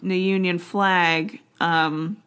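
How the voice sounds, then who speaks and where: A woman's voice: fairly low pitch, flat delivery, extremely slow, fairly bright tone, clear, resonant tone. A woman co-hosting a casual talk show, telling a history story in a chatty, wry way, full of fillers and restarts.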